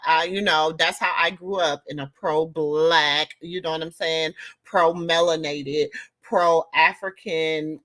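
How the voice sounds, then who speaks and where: A woman in her fifties hosting a casual commentary, emphatic and animated, repeating lines for effect. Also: on the low side. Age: 50s. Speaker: host.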